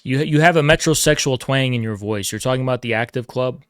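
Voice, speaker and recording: A man hosting a live call-in stream, lecturing and mocking his callers, at times booming like a preacher. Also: fast talker, a bit bright, clear, resonant tone, no room sound, clean studio sound. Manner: lecturing, mocking, swings to booming theatrical declaiming. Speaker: livestream host taking callers. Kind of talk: combative call-in debate.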